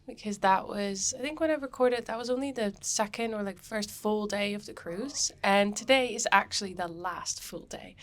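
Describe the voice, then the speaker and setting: A woman's voice: mid-range voice, fairly bright tone. A woman hosting her podcast in a chatty, rambling monologue while she has a cold, recorded on board a cruise ship. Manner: chatty and rambling, many ums. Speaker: podcast host.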